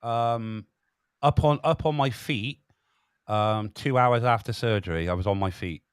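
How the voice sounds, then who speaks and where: A man telling a story in casual chat, animated and laughing as he talks, swearing freely. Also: lowish voice, measured pace, smooth, dry recording, studio quality. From England. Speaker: protester chatting.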